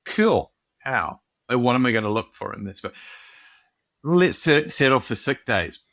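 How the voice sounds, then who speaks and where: A man co-hosting a casual business podcast, talking in animated runs that often restart mid-sentence. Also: medium pitch, moderate pace, no room sound. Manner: animated, self-interrupting storyteller. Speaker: podcast co-host. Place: home office on a video call.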